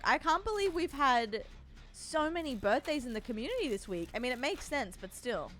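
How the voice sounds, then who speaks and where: A woman's voice: fairly high pitch, sing-song, moderate pace, fairly bright tone. A young woman streaming from home, chatting casually and rambling as she greets her chat by name.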